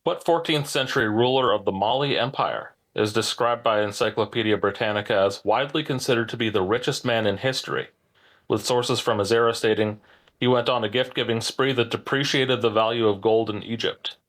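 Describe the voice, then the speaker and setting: A man hosting a pub-style trivia podcast, reading questions in a measured, deliberate way with dry asides. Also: medium pitch, a bit bright. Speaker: trivia quiz host.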